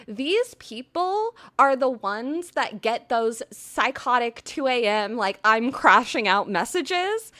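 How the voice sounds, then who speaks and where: In a slightly high voice, a young livestream host chats in a relaxed, effusive way. She alternates between bursts of loud excitement and quieter, sincere moments.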